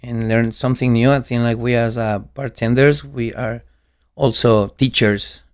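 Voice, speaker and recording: A man's voice: medium pitch, measured pace, smooth. A young man from Ecuador with an Ecuadorian Spanish accent, a bartender and podcast guest talking casually and acting out the voices in his stories. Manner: animated storytelling, acts out quoted voices.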